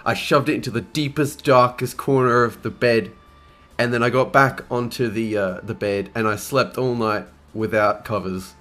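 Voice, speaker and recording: A man's voice: medium pitch, fairly even intonation, moderate pace, a bit bright. A young man, casually answering fan questions and telling crude stories, swearing often and laughing as he goes. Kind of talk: casual Q&A storytelling.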